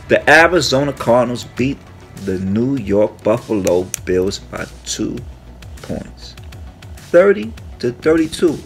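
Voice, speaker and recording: A man in a mid-pitched voice running a loose sports talk monologue, brash and profane, hitting each team with shout-outs and jabs. Faint music plays underneath. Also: expressive, a little slow. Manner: hums "mm, mm" between topics. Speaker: sports radio host. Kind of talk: casual sports commentary monologue.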